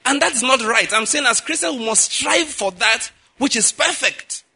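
A middle-aged male pastor preaching a sermon, pushing his voice higher and louder to stress his points. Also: animated, normal speed, gravelly, breathy edge. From Nigeria. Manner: emphatic, rises in pitch and volume to stress points.

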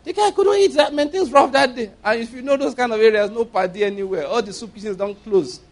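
Man, Nigerian English accent, sermon, preacher, high-pitched voice, emphatic storytelling, laughs often. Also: fast.

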